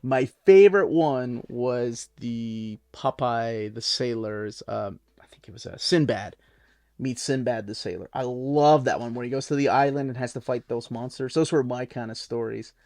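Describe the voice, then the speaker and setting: This adult book reviewer, who grew up watching reruns, gives a casual overview of comic books, rambling with enthusiasm and lots of filler words. His mid-range voice is a little mellow and moves at a normal pace, captured in studio quality with no room sound.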